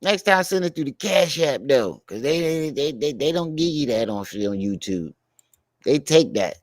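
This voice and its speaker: A man's voice: a little high, lively intonation, normal speed, no echo, clean studio sound. A man hosting a reaction show, commenting on clips in a mocking, slangy way.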